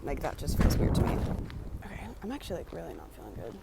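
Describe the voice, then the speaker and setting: A woman's voice: low voice, sing-song, fast, creaky. Chatty, nervous young woman filming outdoors. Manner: chatty, nervous, self-aware, says "like" and "literally" often. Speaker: vlogger doing exposure therapy. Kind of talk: casual vlog talk to camera. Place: outdoors on a city street and in a graveyard. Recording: outdoor street noise with traffic.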